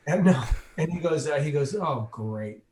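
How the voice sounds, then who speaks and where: A man with a slightly high voice tells a long anecdote with animated energy. He slips into the voices of the people in his story as he goes. His voice rings with a roomy echo. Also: a little fast. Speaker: interview guest.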